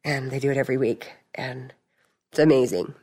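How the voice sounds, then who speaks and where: A woman's voice: extremely low pitch, fairly even intonation, fairly quick, mellow, husky. Chatty middle-aged woman telling a story. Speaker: support group member. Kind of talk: testimony at a recovery meeting.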